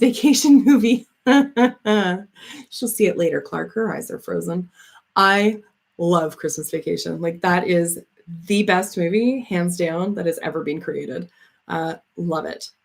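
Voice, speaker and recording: A woman's voice: fairly low pitch, a little slow, vocal fry. A woman hosting a casual live chat, answering viewer comments in a rambling, chatty way with frequent laughs and fillers. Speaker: host of a live chat stream.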